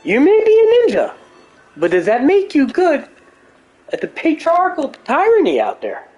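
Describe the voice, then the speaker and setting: A man doing a comedic impression of an older male pundit who lectures in a strained, halting way with drawn-out "well"s. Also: very high-pitched, huge pitch swings, darkish tone, highs cut off, soft background music, pitched above the performer's own voice, full character voice. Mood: pedantic.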